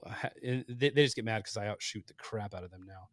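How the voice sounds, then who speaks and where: A man in his late thirties telling hunting stories casually on a podcast, animated and acting out the voices he quotes. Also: lowish voice, quick pace, dry recording, clean studio sound. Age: 30s. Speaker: podcast guest, hunter. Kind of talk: casual storytelling.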